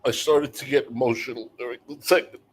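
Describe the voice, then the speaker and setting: A man's voice: medium pitch, steady tone, a little fast, husky. A man hosting a livestream in casual chat, rambling and emotional, swearing freely. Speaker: livestream host.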